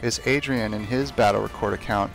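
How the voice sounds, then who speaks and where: A man's voice: lowish voice, a little fast, creaky, soft background music. A young man chatting casually as he streams a game, talking to himself and trash-talking opponents. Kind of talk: casual live gameplay commentary.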